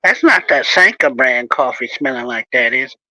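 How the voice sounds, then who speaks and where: A man voicing a friendly, nosy man who fusses excitedly over coffee. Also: medium pitch, measured pace, no echo, rough recording. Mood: chummy.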